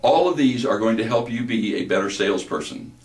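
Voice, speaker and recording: A man giving an instructional lecture on voice delivery, speaking deliberately and slowing down to demonstrate words. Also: mid-range voice, animated, recorded from a distance. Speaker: voice-over instructor. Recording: roomy, from the mic.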